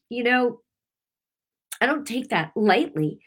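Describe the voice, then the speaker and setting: A woman's voice: fairly high pitch, lively intonation, moderate pace, breathy edge. A middle-aged woman gives a heartfelt sermon on her broadcast, weaving in personal testimony. She talks in an emotional, rambling way, restarting her sentences often. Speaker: preacher hosting a weekly broadcast.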